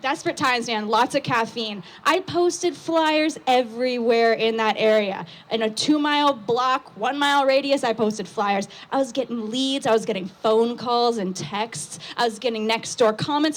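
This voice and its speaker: A young woman on an outdoor patio stage, telling a story into a microphone, loud and excitable with lots of fillers. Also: a little high, normal speed, few pauses.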